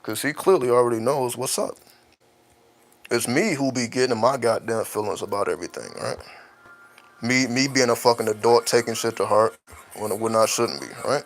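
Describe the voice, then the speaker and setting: A man's voice: medium pitch, moderate pace, poor audio. Profane, reflective man talking casually. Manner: profane, reflective, keeps asking "right?". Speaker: podcast host; father. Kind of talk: casual late-night monologue.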